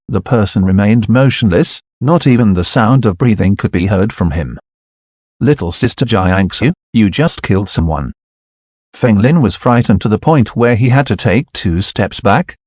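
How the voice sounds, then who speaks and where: A man reading a fantasy novel aloud as an audiobook narrator, voicing every character in the same even manner. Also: fairly low pitch, no echo, studio quality.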